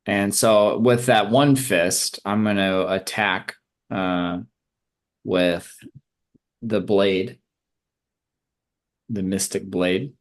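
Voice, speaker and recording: A man's voice: low-pitched, steady tone, drawn-out words, pauses often. A man playing a tabletop game, joking around and talking loosely. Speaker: player. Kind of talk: casual tabletop game chat.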